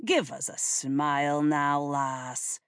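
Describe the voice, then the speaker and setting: A woman voicing a charming, rakish earl who speaks in a gentle, teasing way. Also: low voice, steady tone, takes it slowly, clean tone, no room sound, clean studio sound.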